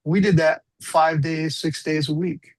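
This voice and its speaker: A man's voice: a little high, flat delivery, a little slow, dry recording, low-quality recording. A man in his sixties, a guest musician, telling rambling, self-deprecating stories in a casual interview.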